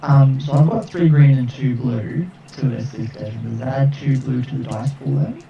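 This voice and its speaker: A man playing in a tabletop game, agreeable and quick to acknowledge. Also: mid-range voice, creaky. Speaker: player. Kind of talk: casual tabletop game chat. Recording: echoey dull lo-fi mic.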